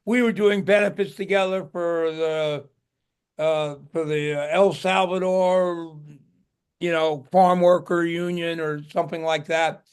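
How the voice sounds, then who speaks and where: A man's voice: a little high, steady tone, a little slow, clear, resonant tone. An older man, a guest musician, tells stories in a casual interview, rambling and restarting his words.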